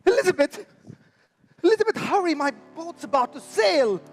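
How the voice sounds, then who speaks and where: A man playing a high-voiced, fussy young professor. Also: animated, slow pace, full character voice. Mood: melodramatic. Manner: theatrical, exaggerated stage delivery. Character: fussy young male professor, theatrical and excitable. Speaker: stage actor. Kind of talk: stage musical singing and acting. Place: theatre stage. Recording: reverberant hall with music.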